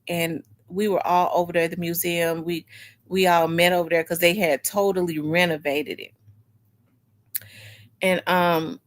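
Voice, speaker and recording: Animated woman host telling family stories. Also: mid-range voice. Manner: animated, acts out family members' voices; frank and emotional, swears. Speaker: talk show host. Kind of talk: casual personal storytelling.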